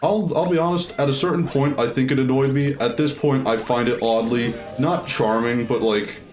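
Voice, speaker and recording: A mid-range-voiced man chats at normal speed during a let's play, thinking aloud and using many fillers. Soft music runs underneath.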